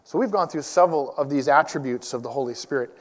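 A man's voice: mid-range voice, quick pace. A man in his forties, a church elder, preaching a sermon in a conversational, self-deprecating storytelling way. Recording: long reverb of a large hall.

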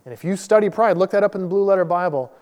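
A man's voice: high voice, very fast, darkish tone. A man in his forties, a lay pastor, giving a conversational sermon with a casual, self-deprecating personal story. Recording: long hall reverb.

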